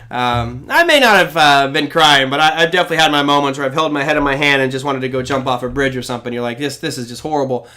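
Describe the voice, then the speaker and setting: A man's voice: high-pitched, pushed and bright. A man in his forties hosting a live trading show, answering chat questions bluntly and acting out quoted reactions.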